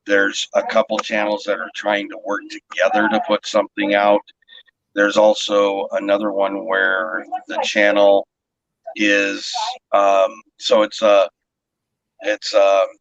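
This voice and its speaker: A man's voice: on the low side, sharp tone, no room sound, muffled recording. A man hosting a casual cooking livestream, explaining the rules at length and checking in with "okay?". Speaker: host of a cooking channel event.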